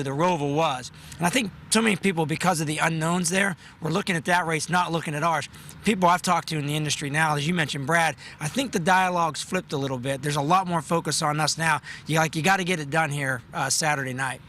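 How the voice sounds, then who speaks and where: A man's voice: fairly high pitch, a little hiss or hum. A man, a racetrack president, answering interview questions casually with a tired voice and plenty of fillers. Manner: relaxed, talkative with many fillers.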